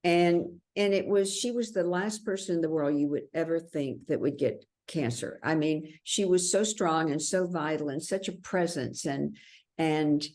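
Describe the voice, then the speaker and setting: Woman, deep voice, interview guest, earnest, reflective, halting restarts. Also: a little mellow. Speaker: interview guest, memoir author. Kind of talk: conversational interview.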